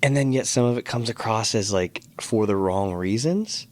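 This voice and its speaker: A man co-hosting a casual podcast, musing in a relaxed way about old cartoons and swearing now and then. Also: fairly low pitch, moderate pace, no echo. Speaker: podcast co-host. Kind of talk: casual chat recapping cartoons over drinks.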